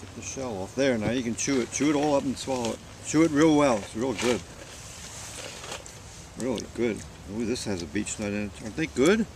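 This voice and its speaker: An older grandfather telling a small child an animal story in a gentle, coaxing way, outdoors. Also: medium pitch, a little fast, distant mic, background noise. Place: outdoors in woods.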